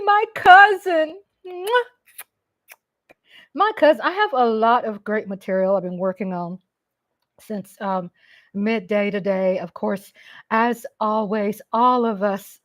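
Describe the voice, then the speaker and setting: A woman's voice: mid-range voice, dry recording. A middle-aged woman from Texas with a Texan accent, chatting casually with viewers on a live stream at home and greeting them by name.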